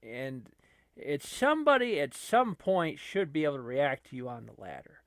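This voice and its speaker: A man's voice: on the high side, big pitch swings, normal speed, no echo. A man casually commentating a wrestling video game as a channel host, rambling with many fillers and laughing between remarks. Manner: rambling, laughing, filler-heavy, lots of restarts.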